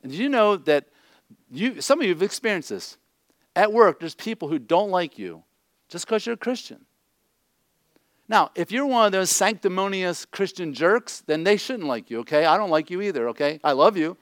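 A man's voice: high-pitched, animated, moderate pace, no echo, studio quality. A middle-aged man preaching a conversational sermon, blunt and joking, often checking in with his listeners. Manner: blunt, joking asides, repeats "okay?". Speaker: pastor.

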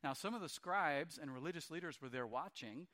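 Bright-voiced male preacher. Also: fairly high pitch, animated, brisk. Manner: storytelling retelling of scripture, acting out quoted lines. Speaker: pastor. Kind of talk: sermon.

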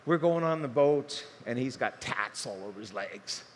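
An older man preaching a sermon, telling stories in a lively, conversational way, acting out dialogue with humor. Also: mid-range voice, moderate pace, slight background noise. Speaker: pastor. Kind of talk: sermon storytelling. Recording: long hall reverb, faint ambience.

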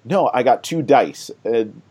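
A man's voice: mid-range voice, lively intonation, measured pace, noisy background. A man hosting a board game podcast, chatting casually and rambling with many fillers and laughs.

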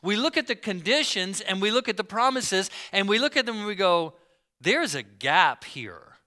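Bright, clear-voiced storytelling pastor. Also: male voice, high-pitched, brisk. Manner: storytelling preacher who acts out the people in the story; casual asides to the congregation. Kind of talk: sermon.

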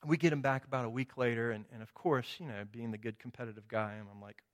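A man's voice: medium pitch, fairly even intonation, fast talker. A middle-aged man preaching a sermon, telling a personal story with quoted dialogue and frequent tag questions. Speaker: pastor.

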